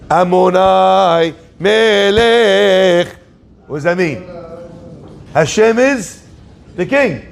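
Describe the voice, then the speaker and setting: A man giving a Torah class as a sermon to a live audience, lively and joking in asides. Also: high voice, drawn-out words, creaky, long pauses.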